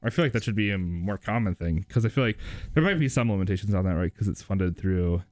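Young male panelist, lowish dry voice, thinks aloud in stops and starts. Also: expressive, fast talker, a little mellow, no room sound. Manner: hesitant, many fillers and restarts. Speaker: medical trainee panelist. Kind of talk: casual podcast discussion.

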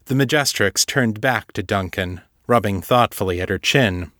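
A man narrating a fantasy audiobook in a steady, even storytelling voice. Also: lowish voice, moderate pace, hardly any pauses, no room sound, clean studio sound. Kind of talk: scripted narration.

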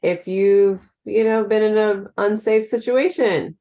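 A woman's voice: mid-range voice, a little slow, mellow. A woman co-hosting a podcast in casual chat, talking freely and laughing easily. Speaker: podcast co-host.

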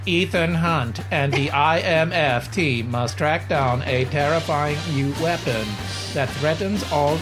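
Flat comedic AI robot narrator, put on by a woman, slow deliberate delivery. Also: low voice.

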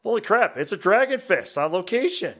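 A man with a slightly high voice reads listener emails aloud on a casual podcast. He jokes around and laughs often between the lines. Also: big pitch swings, brisk, a bit bright. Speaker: podcast co-host.

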